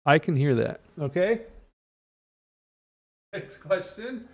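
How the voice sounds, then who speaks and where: A man's voice: medium pitch, sing-song, measured pace, long pauses. A man streaming live, talking casually to himself and his viewers as he tinkers with settings, muttering and swearing now and then.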